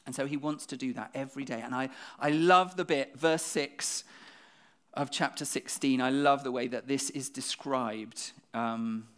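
Quick preacher asking rhetorical questions. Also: medium pitch. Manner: repeats words when restarting. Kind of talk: sermon.

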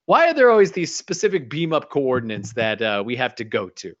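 A man co-hosting a podcast, recapping an episode in casual chat, rambling and dropping into quick impressions. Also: mid-range voice, wildly swooping pitch, a bit bright. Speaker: podcast co-host. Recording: dull lo-fi audio.

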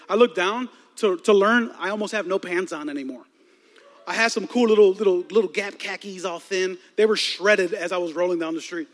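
A man's voice: high-pitched, brisk. A man, a youth pastor, telling a story with lots of humor and energy during a sermon in a church. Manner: animated, lively storytelling with laughs. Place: large church auditorium. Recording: long reverb of a large hall.

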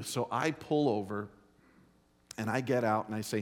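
A man's voice: medium pitch, moderate pace, pauses often. Middle-aged guy preaching, chatty folksy stories, lots of stress on words, echoey church. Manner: storytelling, folksy, emphatic. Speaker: pastor. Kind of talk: sermon. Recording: long hall reverb.

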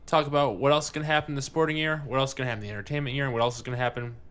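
A man's voice: mid-range voice, steady tone, very fast, a bit bright, clean tone. A man hosting a casual podcast, chatting and joking loosely while tasting beer. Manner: rambling, swears, laughs a lot. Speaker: podcast host.

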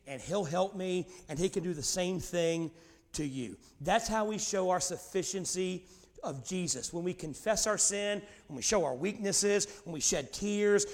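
A middle-aged preacher with a drawl, his voice pitched high for a man. He tells stories with animated swings between loud bursts and hushed confession. His words ring out with a long reverb from a large hall. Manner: animated storytelling, swings from shouting to quiet. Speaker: pastor. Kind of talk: sermon with personal stories.

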